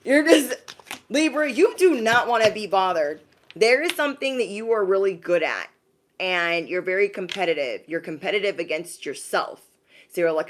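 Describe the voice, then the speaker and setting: Woman reading signs on a live stream, chatty and slangy, calls viewers bestie, mid pitch. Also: animated, normal speed. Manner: often acts out quoted voices. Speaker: intuitive card reader.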